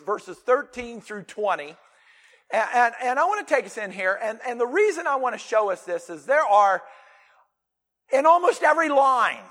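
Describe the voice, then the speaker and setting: A man with a fairly high voice preaches a sermon, leaning hard on single words and often restarting his lines. His voice rings with the long reverb of a church hall. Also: fairly bright tone. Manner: emphatic, with repeated restarts and stressed single words. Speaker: pastor.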